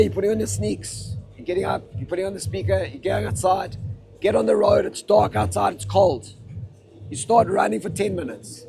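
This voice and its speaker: A man's voice: high-pitched, gravelly, warm tone. A man giving a casual, slangy motivational talk to a live festival audience. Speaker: motivational speaker.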